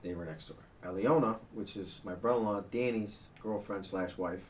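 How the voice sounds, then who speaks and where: A man giving a rambling, fast account to police as a witness, restarting sentences and sketching a map while he talks. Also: on the low side, highs cut off, a little hiss or hum. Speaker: witness being interviewed by police. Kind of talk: police interview statement.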